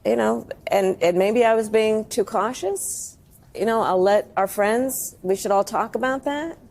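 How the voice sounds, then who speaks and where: A woman's voice: on the high side, measured pace, darkish tone. A woman being interviewed about her book, hesitant and candid, with ums. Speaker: author interviewed. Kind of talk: interview answers.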